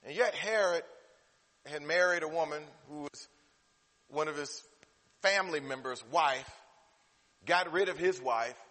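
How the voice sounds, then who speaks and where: A bright-voiced male preacher, swinging between quiet, intimate passages and loud, climbing peaks. His voice rings out with a long hall reverb, as if filling a large church sanctuary. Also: fairly high pitch, a little slow, pauses often. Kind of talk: sermon.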